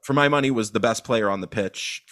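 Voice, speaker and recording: A man co-hosting a casual football podcast, talking loosely with lots of fillers and animated bursts. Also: on the low side, a little fast. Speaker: podcast co-host.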